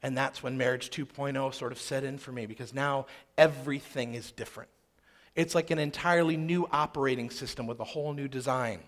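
A man's voice: medium pitch, fairly even intonation, a little fast. A man in his thirties telling a personal story in a sermon, emphatic and fond of repeating phrases for rhythm.

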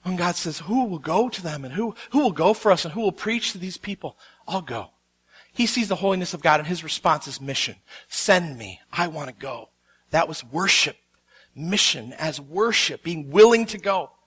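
Guy pastor preaching, high bright voice, acts out the bible story bits. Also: moderate pace, husky. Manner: animated storytelling, acts out quotes with rising intensity. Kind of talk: sermon.

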